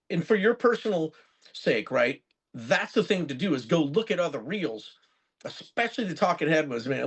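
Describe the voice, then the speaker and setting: Guesting on a podcast, this musician and record producer in his fifties chats loosely and wanders from story to story, cursing freely along the way. His animated voice is fairly high and slightly rough.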